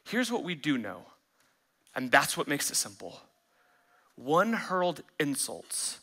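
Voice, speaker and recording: A man preaching a sermon as pastor, animated, acting out the voices he quotes. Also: on the high side, slow, pauses often.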